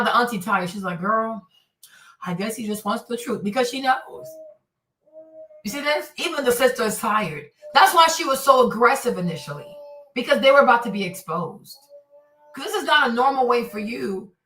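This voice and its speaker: A woman host with a bright, lively voice talks casually to her viewers and acts out quotes as she reacts. Her voice sits a little high and sounds roomy, as if the mic is some way off. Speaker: commentary host. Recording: roomy and slightly distant.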